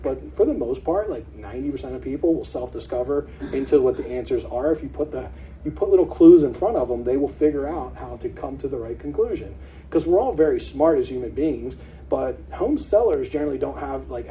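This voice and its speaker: Brief: male presenter, quick and animated, dark tone, heard from a distance on a dull lo-fi recording. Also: mid-range voice. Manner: animated, acts out quoted sellers. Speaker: meetup presenter. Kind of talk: casual seminar talk. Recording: distant mic, dull lo-fi sound, faint hiss.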